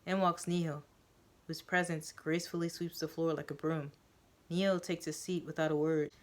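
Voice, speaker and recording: A woman narrating a first-person story in a measured, dramatic reading. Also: sits low, little pitch movement.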